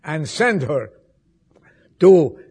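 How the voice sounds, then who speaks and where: Male preacher, sermon, raspy voice, fairly high pitch, dramatic loud-to-soft swings. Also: very animated. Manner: slow, emphatic delivery with repetitions. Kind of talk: Easter sermon.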